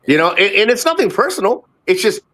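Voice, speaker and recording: A man's voice: high voice, big pitch swings, fast, sharp tone. Rambling, cussing man in his fifties. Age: 50s. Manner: rambling and profane, repeats himself. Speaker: guest. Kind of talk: casual chat on a livestream.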